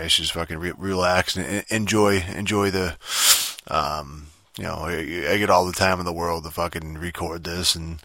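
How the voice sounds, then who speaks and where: A man's voice: sits low, pushed and bright, no room sound, studio quality. A man hosting a solo podcast, rambling in a profane, casual rant full of restarts and fillers. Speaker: podcast host.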